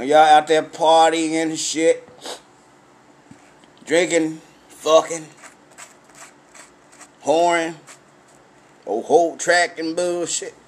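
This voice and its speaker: A middle-aged man hosting his own podcast, telling profane stories in a raw, casual monologue while drinking. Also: fairly high pitch. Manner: profane storytelling, loud cackling laughs. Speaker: podcast host.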